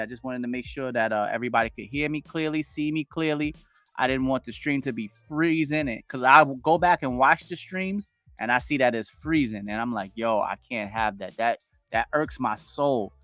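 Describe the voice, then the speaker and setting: Here a forties-aged man of medium pitch hosts a laid-back livestream, recorded dry through a wired home streaming setup. Full of energy, he welcomes viewers by name, reads their comments out loud, and hypes them up.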